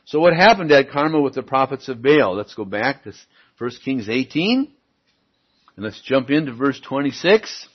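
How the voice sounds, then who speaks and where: A man's voice: medium pitch, sing-song, moderate pace, husky. A man preaching a sermon and reading Bible verses aloud, stressing lines emphatically with wry asides. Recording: dull lo-fi recording.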